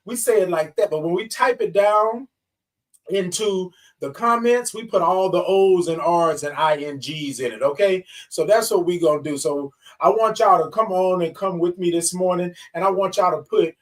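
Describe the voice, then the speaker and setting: The host of a morning livestream show, a man with a high-pitched voice, warmly greets viewers as y'all and baby while singing out extended good mornings. He talks at a moderate pace and is recorded from afar.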